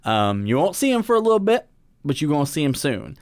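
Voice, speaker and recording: A man casually talking through a movie, animated and laughing as he recounts scenes. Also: fairly high pitch, fairly quick, no room sound. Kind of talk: casual film discussion.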